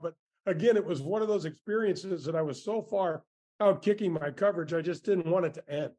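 A man in his sixties, a former tour golfer, telling stories in a casual interview with lively warmth and frequent restarts. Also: high-pitched, normal speed. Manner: animated, grateful storyteller with many restarts.

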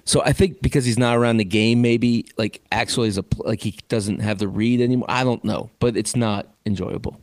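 A man's voice: mid-range voice, fairly quick, few pauses, a little mellow, no echo. A man co-hosting sports radio, talking casually with hesitant fillers.

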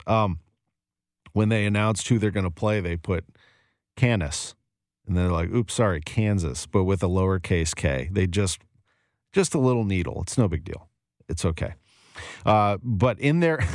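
A man's voice: lowish voice, dry recording, studio quality. Chatty male sports radio host. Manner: chatty, laughs often, relaxed filler-heavy delivery. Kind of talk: casual radio show talk.

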